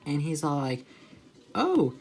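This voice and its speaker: A man's voice: a little high, moderate pace. A young man rambling casually as he draws, with many filler words and restarts. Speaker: artist vlogger. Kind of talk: casual rambling while drawing.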